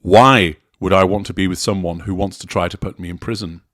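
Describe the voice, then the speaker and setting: A man reading the lines of a frustrated man who reasons insistently with his partner, in a low, dry voice. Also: fairly even intonation, brisk, a bit bright, no room sound.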